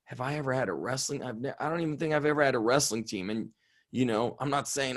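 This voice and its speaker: A man's voice: medium pitch, animated, fairly quick. A middle-aged man, a strength coach, talking bluntly and swearing freely in a casual interview.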